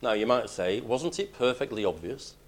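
A man's voice: mid-range voice, expressive, moderate pace. Emphatic preacher, man. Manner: emphatic preaching, swinging between loud declarations and hushed lines. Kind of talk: sermon.

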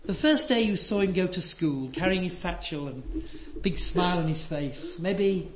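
An older man preaching a sermon, earnest and emphatic, dropping to soft asides. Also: high voice, expressive, moderate pace, a little hiss or hum. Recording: echoey hall.

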